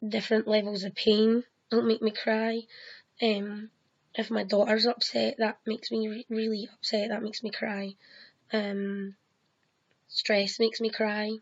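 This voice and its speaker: Slow, gravelly-voiced woman vlogger. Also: mid-range voice, dull audio. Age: 30s. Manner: halting, frequent ums, swears when heated. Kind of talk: answering questions to camera.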